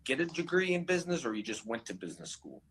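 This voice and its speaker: In a low-quality recording, a man with a mid-range, breathy-edged voice tells stories fast during an interview. He's casual and animated, performing the voices of the people he quotes.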